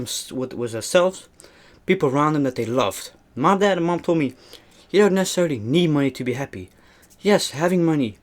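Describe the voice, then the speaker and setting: A young man hosts a casual eating vlog, talking straight to the camera. His voice sits at an ordinary middle pitch. He rambles earnestly and drops a friendly "man" into most sentences. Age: young adult. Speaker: mukbang vlogger.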